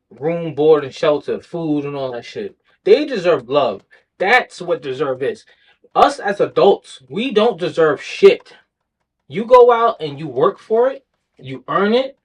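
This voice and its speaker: A man's voice: on the high side, slightly rough, poor audio. A man co-hosting a casual podcast chat, talking bluntly and profanely with lots of animation. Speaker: podcast co-host.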